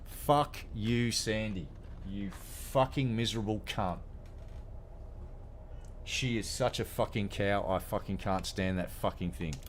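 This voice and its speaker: Deep-voiced, foul-mouthed Australian man in his fifties. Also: fairly even intonation, unhurried, pauses often, a little hiss or hum. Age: 50s. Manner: blunt, heavily profane ranting. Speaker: gaming vlogger. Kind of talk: casual rant to camera.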